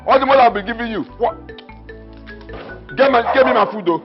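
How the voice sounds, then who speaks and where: A man's voice: extremely high pitch, a little fast. An actor with a Nigerian accent playing a scornful, stubborn middle-aged father who mocks and gives orders. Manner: mocking, dismissive, orders people about. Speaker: father of the household. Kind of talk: Nollywood film drama. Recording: dull film audio with music behind.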